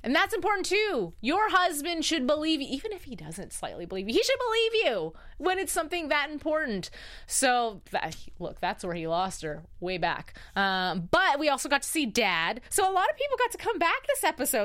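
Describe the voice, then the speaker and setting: A woman chatting through a TV episode recap in a casual, emphatic way. Her voice sits a little high and swings widely in pitch, so she sounds lively and expressive as she reacts openly to each twist. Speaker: TV show recap host. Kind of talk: casual live recap chat.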